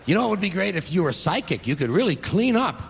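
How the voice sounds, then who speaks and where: A man's voice: sits high, very animated, fast talker, creaky, husky. A man doing a stand-up comedy routine, telling a story sardonically and acting out both sides of the dialogue. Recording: live recording with long hall reverb and faint noise.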